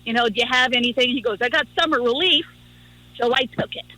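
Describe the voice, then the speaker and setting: A woman's voice: a little high, fast, dry recording, low-quality recording. A woman calling into a radio show, telling affectionate stories. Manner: warm, storytelling, affectionate. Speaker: caller, radio host. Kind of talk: phone-in tribute on radio.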